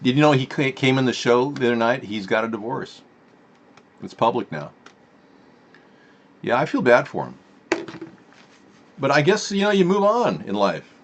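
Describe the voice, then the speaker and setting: A man's voice: medium pitch, big pitch swings, normal speed, pauses often, slight background noise. A man hosting a live-stream political talk show in a rambling, sarcastic manner. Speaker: host.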